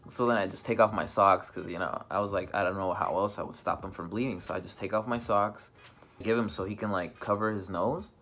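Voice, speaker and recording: A man's voice: on the low side, fairly quick, a bit bright, a little hiss or hum. A young man telling a casual storytime vlog, rambling with many fillers and restarts. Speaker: vlogger.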